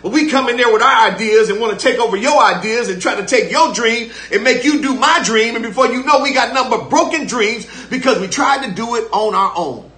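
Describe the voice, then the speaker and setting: Older man, pastor, fervent repetitive sermon, high voice, echoey room. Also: fairly quick, hardly any pauses, sharp tone. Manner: fervent, repetitive preaching with call-and-response. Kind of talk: live-streamed sermon.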